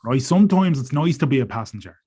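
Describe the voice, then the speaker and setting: Male co-host, rapid and frank, casual podcast chat. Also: mid-range voice, expressive, mellow, breathy edge. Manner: chatty and frank.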